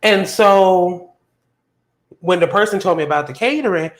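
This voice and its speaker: A man hosting a casual livestream chat, telling a story from work in an animated way and jumping high in pitch when he quotes himself. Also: moderate pace, long pauses. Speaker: podcast host. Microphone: phone on a hotspot.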